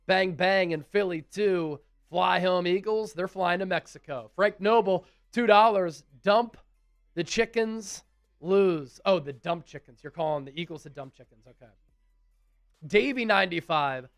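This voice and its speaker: High-voiced man hosting a fan stream. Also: moderate pace, no echo, studio quality, faint music behind. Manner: reads out fan messages and thanks each sender. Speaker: sports stream host reading fan donations. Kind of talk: casual live sports chat.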